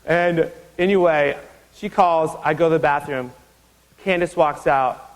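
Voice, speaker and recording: In a large lecture hall, captured with poor audio, a guest lecturer speaks a little slowly. He's an Iowan man in his thirties delivering a university lecture, animatedly acting out the voices of characters in his stories with big pitch leaps.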